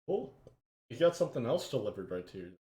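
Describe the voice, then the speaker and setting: A man's voice: medium pitch, sing-song, quick pace, dark tone. A man co-hosting a casual podcast chat, jokey and playful. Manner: jokey, playful, does mock infomercial voice. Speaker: podcast co-host.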